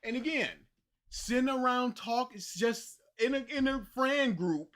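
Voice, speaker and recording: Sarcastic high-voiced co-host man. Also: animated, unhurried, a bit bright. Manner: sarcastic, mocking. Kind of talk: casual reaction chat.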